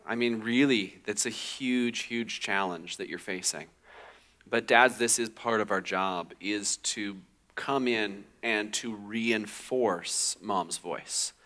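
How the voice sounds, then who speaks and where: A man pastor teaching his congregation in an earnest, measured way. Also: on the low side, bright, forceful tone. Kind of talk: sermon teaching. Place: church.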